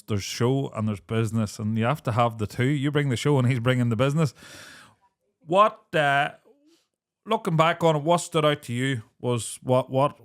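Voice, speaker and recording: Rambling podcast host. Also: male voice, medium pitch, smooth. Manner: rambling, long loose questions. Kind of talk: casual interview chat.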